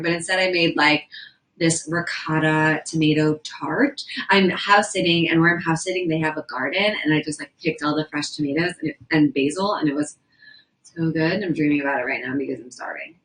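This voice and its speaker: A young woman with a fairly low, fairly bright voice livestreams from indoors at a house, chatting casually and rambling while reading viewer comments aloud. The recording is rough.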